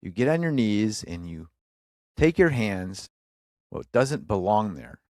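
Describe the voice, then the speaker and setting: A man's voice: on the low side, big pitch swings, slow, a little mellow, no room sound, clean studio sound. A man hosting a faith-based motivational podcast, speaking earnestly in short emphatic phrases and addressing the listener as a brother. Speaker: podcast host.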